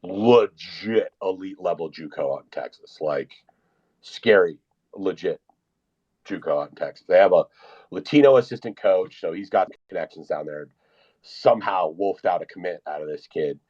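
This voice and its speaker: Man, lowish voice, rambling profane storytelling, casual audio-room chat, muffled lo-fi stream. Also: moderate pace, darkish tone. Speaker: podcast co-host.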